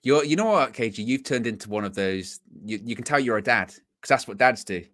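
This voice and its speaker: A man's voice: mid-range voice, animated, brisk, fairly bright tone. A man co-hosting a live match watchalong, a chatty storyteller who acts out quotes. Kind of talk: casual live match commentary.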